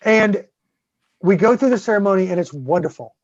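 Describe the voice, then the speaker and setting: A man tells a story loosely and profanely. He gets louder and livelier at the big moments. The recording is dull and dry. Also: sits high, lively intonation, brisk, no echo. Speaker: guest host. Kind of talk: casual storytelling.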